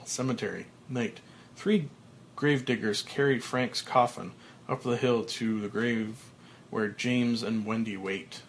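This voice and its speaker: A man, a podcast host, reading a script's stage directions aloud in a steady, matter-of-fact way, with small slips. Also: medium pitch, measured pace, slight background noise.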